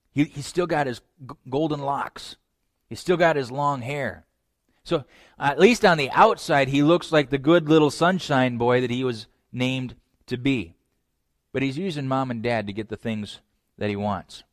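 A man preaching a sermon, retelling a scripture story with lively acted-out lines and direct asides to his listeners. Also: mid-range voice, dry recording, studio quality. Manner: animated storytelling, acts out voices; direct address to young men. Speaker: pastor.

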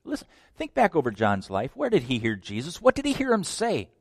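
A man preaching a sermon, dramatic, swinging between loud declarations and hushed lines. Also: fairly high pitch, wildly swooping pitch, a little fast, no echo, clean studio sound.

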